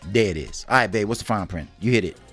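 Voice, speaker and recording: A man co-hosting a casual chat show, animated and laughing, talking in loose street slang. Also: on the low side, fast talker, breathy edge, faint music behind. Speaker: co-host.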